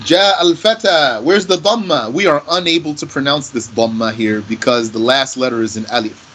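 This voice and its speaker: A man teaching Arabic grammar in English, explaining slowly and patiently and repeating his example phrases. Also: mid-range voice, fairly bright tone, a little hiss or hum, low-quality recording. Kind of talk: slow classroom explanation.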